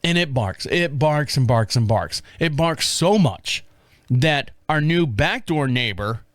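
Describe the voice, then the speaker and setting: A podcast host in his fifties takes it slowly, telling a rambling rural-life story laced with swearing in a casual solo format. He animatedly reenacts his own shouting, high and loud, on a dry recording.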